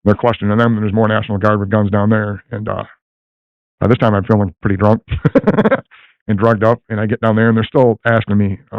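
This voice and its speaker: Gravelly fast-talking older man. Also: lowish voice, fairly even intonation, dry recording. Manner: rambling, many fillers and restarts. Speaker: guest telling a personal story. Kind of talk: rambling personal storytelling. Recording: tinny phone-like line, dry.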